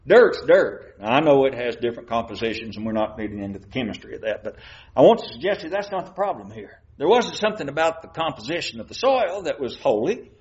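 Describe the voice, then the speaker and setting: A man preaching a sermon, reading scripture slowly and putting questions to the congregation. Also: mid-range voice. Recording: muffled church recording.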